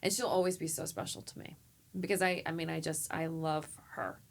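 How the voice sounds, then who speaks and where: Woman, therapist guest, very low pitch, gravelly, heartfelt and animated storytelling. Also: brisk. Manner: heartfelt, animated, acts out quoted people. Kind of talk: emotional conversational storytelling.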